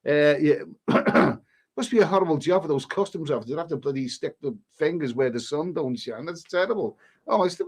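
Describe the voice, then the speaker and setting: A man hosts a casual live stream and reads out viewers' messages in a voice that sits a little high. He answers with cheeky, joking banter, often stopping to restart his sentences. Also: expressive, a little fast. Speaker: travel vlogger reading live chat.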